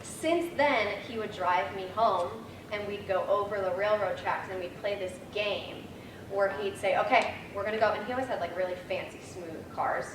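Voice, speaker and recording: A woman's voice: mid-range voice, normal speed. A woman in her twenties giving a eulogy at a memorial service, telling chatty, laughing stories with many fillers. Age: 20s. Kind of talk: memorial speech with funny stories. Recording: echoey hall, distant mic, noisy room.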